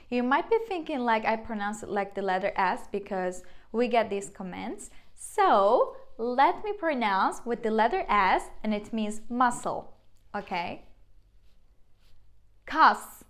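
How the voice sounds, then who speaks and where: A young woman with a Turkish accent teaches a beginner language lesson, slowly saying each word and then repeating it. Her voice sits a little on the high side, and she speaks at an unhurried, careful pace. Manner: slow, repeats each word aloud twice.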